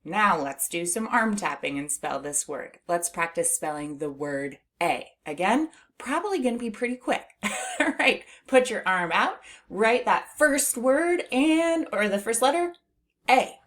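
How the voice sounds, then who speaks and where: Teaching phonics to small children, this middle-aged woman speaks in a mid-range, fairly bright tone and is very animated. She stays patient and encouraging, stretching each word slowly and slipping in soft laughs between steps.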